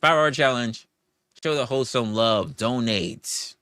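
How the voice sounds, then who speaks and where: A man hosting a live stream, ranting and arguing with chat, swearing often, firing off rhetorical questions and shouting out donors. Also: mid-range voice, a little slow, clear, resonant tone, no echo, studio quality. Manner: profane, argumentative, fires rhetorical questions; reads out and thanks viewer donations. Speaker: livestream host. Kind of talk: live-stream commentary and rant.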